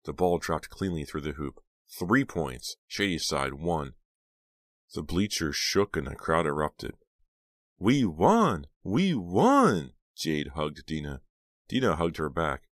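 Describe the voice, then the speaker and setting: A man narrating an audiobook in a measured storytelling manner on a close mic. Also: very deep voice, a bit bright, no room sound. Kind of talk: scripted narration.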